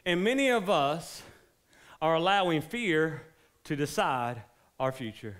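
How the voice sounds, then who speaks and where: This is a man in his forties, a pastor with a high-pitched voice. He preaches in a loose, joking, conversational way and builds into fervent exhortation. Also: lively intonation, a little slow, fairly bright tone. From South Carolina, US. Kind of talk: sermon.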